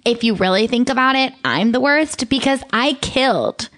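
A woman co-hosts a comedy podcast with deadpan, mock-naive jokes. Her pitch jumps around with a lot of life. She is recorded on a close, dry mic. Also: moderate pace, no room sound. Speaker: podcast co-host. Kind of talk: comedic banter.

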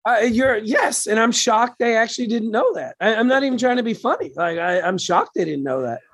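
A man's voice: very high voice, lively intonation, a little fast, fairly bright tone, breathy edge. A man hosting a casual chat, thoughtful and emphatic.

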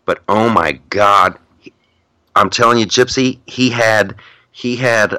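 Casting: middle-aged male podcast host, low and bright, dry close sound, rambling and restarting. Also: unhurried, dry recording. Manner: rambling, laughs a lot, many restarts. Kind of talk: casual chat.

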